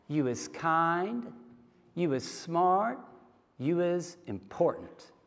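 Conversational pastor with a higher voice, in a hall. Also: male voice. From American South. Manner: casual and storytelling, talks directly to the congregation. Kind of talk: conversational sermon.

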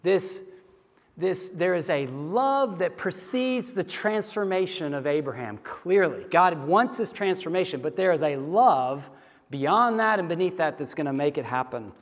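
A man's voice: a little high, animated, a little slow, long reverb tail. A man from the American South preaching a sermon in a casual, storytelling way, talking directly to his congregation. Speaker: pastor. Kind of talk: conversational sermon.

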